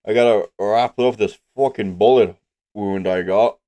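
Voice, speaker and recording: A congested man voicing a gruff, surly male hermit who lives in a hollow tree, with a mocking, menacing manner. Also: lowish voice, measured pace, warm tone, lightly acted.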